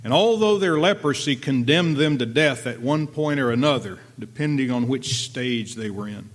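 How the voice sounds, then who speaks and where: A man's voice: medium pitch, animated, moderate pace. Plain-spoken male Bible teacher. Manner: earnest, conversational preaching with rhetorical questions. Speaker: pastor.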